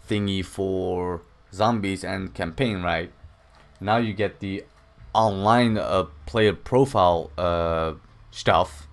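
A young man casually talking through a game tutorial at home, rambling and swearing often. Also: on the low side. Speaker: gaming channel host. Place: home room.

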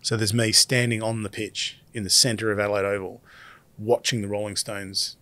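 A middle-aged Australian man, a guest DJ, telling a story in a casual and animated way, swearing freely. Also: on the low side, moderate pace.

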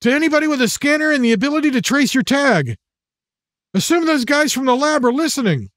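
A man's voice: very high voice, animated, brisk, a bit bright, dry recording, studio quality, voice pushed up. A man voicing an anxious young man on the run, tense and urgent.

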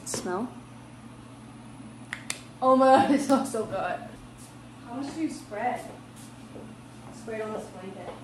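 A young woman chatting quickly and brightly in a casual vlog at home. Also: on the high side. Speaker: vlogger. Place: home and stores. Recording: echoey room with noise.

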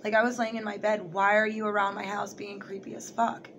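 A woman's voice: medium pitch, fairly quick, lo-fi sound, a little hiss or hum. A young woman telling a personal story to the camera in a rambling, casual way, full of "like" and "you know". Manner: rambling, heavy use of "like", animated retelling. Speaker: vlogger.

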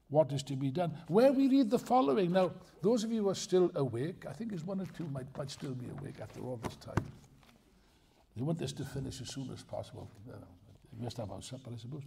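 An older man with a gravelly, husky voice delivers a live lecture to an audience. His delivery swings lively up and down, digressing into dry jokes before pressing his points with force. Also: a little high, fairly quick. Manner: humorous, digressive, emphatic. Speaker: speaker at a political festival.

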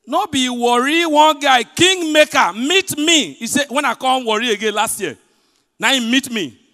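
A man with a Nigerian accent performing a stand-up comedy set in pidgin, telling stories with big swings between loud punchlines and hushed asides. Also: very high voice, lively intonation, normal speed. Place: large hotel event hall. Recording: live hall reverb.

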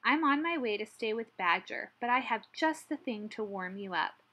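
A woman's voice: a little high, animated, moderate pace, sharp tone, dull audio, full character voice. Woman doing a kind little hedgehog. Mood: earnest.

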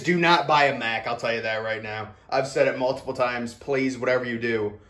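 A man's voice: mid-range voice, a bit bright. A man talking casually to the camera at home, rambling and self-mocking, sweaty from the heat. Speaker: vlogger. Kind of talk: casual vlog talk to camera. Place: his home office, indoors.

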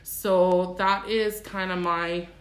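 A woman, a pet groomer, hosting a live stream in a brisk, matter-of-fact way. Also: fairly low pitch, level tone. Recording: roomy echo.

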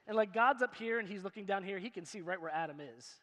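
A fast-talking preacher gives a sermon in church, his voice high, bright and ringing. He is emphatic but chatty, tossing questions and jokes to the congregation as if to a friend. The hall echo is long.

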